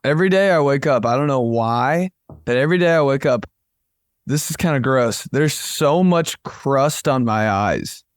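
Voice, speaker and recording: A man's voice: mid-range voice, lively intonation, moderate pace, no room sound. A young man co-hosting a podcast over a video call, chatting casually, rambling and laughing while saying "bro" and "dude" a lot. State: sick with phlegm. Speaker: podcast co-host. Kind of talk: casual chat. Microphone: headphones with podcast mic on a video call.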